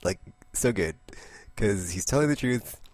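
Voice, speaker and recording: A man casually recapping a comic book issue, rambling, laughing often and slipping into quick character voices. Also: lowish voice, animated, a little mellow, no echo. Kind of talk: casual comic review monologue.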